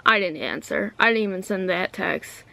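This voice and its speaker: A woman's voice: mid-range voice, moderate pace, vocal fry, pushed and bright. A woman vlogger talking to camera in a casual, ranty way, blunt and full of swearing. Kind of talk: casual ranting vlog.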